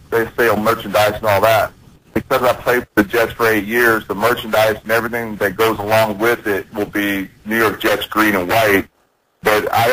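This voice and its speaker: A man's voice: lowish voice, fairly bright tone, poor audio. A man talks in a radio interview. He tells his story earnestly and often restarts his sentences. He sounds like he is in his forties. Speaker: interview guest, retired football player.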